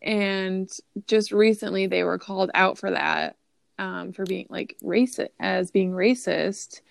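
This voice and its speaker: A woman's voice: mid-range voice, unhurried, vocal fry, no room sound. A woman co-hosting a casual chat, talking hesitantly with a lot of fillers. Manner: hesitant, full of "like" and "um".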